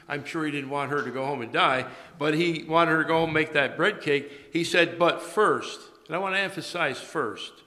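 A male pastor giving a morning sermon, speaking haltingly with many fillers and restarts. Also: fairly high pitch, bright, forceful tone. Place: church sanctuary. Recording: long reverb of a large church.

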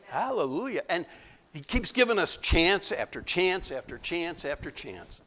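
A man preaching a sermon as pastor, animated, acting out quoted voices with big jumps in pitch.

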